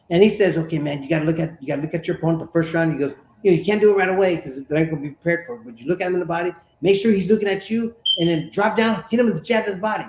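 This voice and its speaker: A man from California tells a story from his fighting days, animated and stumbling over repeated words. His voice sits fairly high. The room around him rings with echo. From Sacramento, California. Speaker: interview guest, former boxer. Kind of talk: casual storytelling interview.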